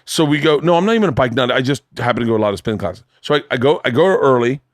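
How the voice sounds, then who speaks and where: A man's voice: medium pitch, very fast, no room sound, clean studio sound. A man in his forties hosting a podcast, telling a story with plenty of swearing and acted-out quotes. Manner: animated storyteller, swears a lot, acts out quotes. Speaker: podcast host. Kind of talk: casual chat. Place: home studio.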